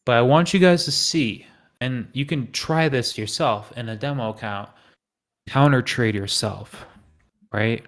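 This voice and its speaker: A man's voice: medium pitch, measured pace. A man hosting a live trading stream, talking casually and acting out panicked traders' thoughts. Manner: animated, acts out panicked inner voices.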